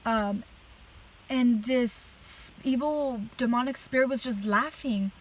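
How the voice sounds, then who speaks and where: A woman's voice: on the high side, slow, low-quality recording. A woman telling a dream as a religious testimony in a casual, earnest way, full of "like" fillers. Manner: chatty, heavy use of "like" fillers; earnest and animated while retelling a dream. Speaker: person giving a religious testimony. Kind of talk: casual storytelling to camera.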